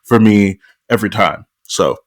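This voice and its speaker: Easygoing low-voiced male co-host. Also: a little slow. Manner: easygoing, playful, conversational. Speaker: podcast co-host. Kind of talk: casual podcast discussion.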